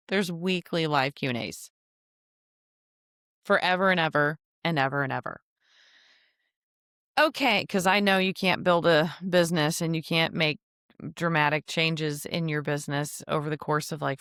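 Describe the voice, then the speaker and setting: A woman's voice: sits low, fairly even intonation, measured pace, long pauses, a bit bright, no room sound, clean studio sound. Chatty nasal woman podcast host. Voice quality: nasal from allergies. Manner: rambling, chatty, self-deprecating. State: stuffy with allergies. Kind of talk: casual solo podcast monologue.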